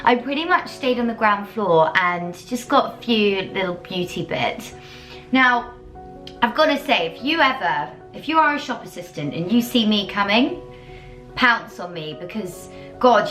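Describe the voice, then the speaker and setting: A chatty English woman talks through her day for a vlog at a medium pitch. She gushes in a casual, rambling way and stops to coo at her dog in a high baby voice. Soft music plays faintly underneath. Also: lively intonation, unhurried. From England. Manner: chatty and gushing, with many fillers and asides. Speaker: vlogger.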